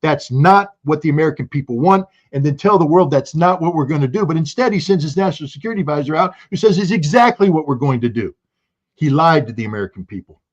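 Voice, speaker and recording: A man giving heated political commentary as a guest, forceful and indignant, often restarting his sentences. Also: fairly high pitch, animated, fast, lo-fi sound.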